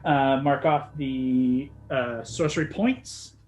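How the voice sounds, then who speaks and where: A man narrating as dungeon master, slow dramatic scene-setting between rules talk. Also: medium pitch, a little mellow. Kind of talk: narrating a tabletop game.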